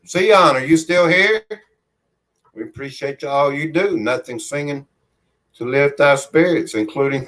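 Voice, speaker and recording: A man with a Southern country accent chats to his viewers from his home, speaking into a phone he holds in his hand. His pace is unhurried and drawn out, and his voice sits slightly high for a man. He rambles in a friendly way, reads out comments and refers to himself in the third person. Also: expressive, fairly bright tone. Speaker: livestream host. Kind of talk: casual livestream chat, reading viewer comments aloud. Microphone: phone held in hand.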